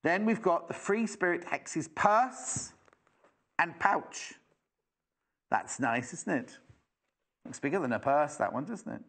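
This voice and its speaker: On live shopping television, a British man with a slightly high-pitched, a bit bright voice presents products chattily and enthusiastically, drifting into rambling asides. He takes it slowly with lively intonation and frequent pauses.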